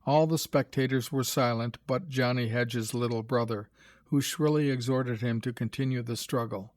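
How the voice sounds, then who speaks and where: Brief: male narrator for a graded reader, mid pitch, dry and close. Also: no echo. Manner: measured, even storytelling.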